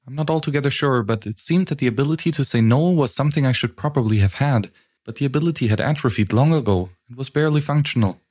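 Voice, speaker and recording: A man voicing a troubled, intense woman in an audiobook, his voice pushed higher and strained for her. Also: quick pace, darkish tone, natural voice. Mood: puzzled. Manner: strained, raising pitch for her. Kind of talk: audiobook reading.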